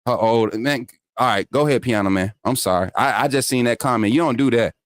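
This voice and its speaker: Fast-talking trash-talking sports show host. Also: male voice, medium pitch, no echo. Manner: loud trash-talking, laughing, scolding the chat. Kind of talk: casual call-in sports talk.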